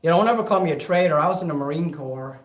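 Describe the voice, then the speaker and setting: A man's voice: on the high side, fast talker. A man ranting profanely and rambling in a casual livestream between karaoke songs. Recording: echoey room over karaoke backing music.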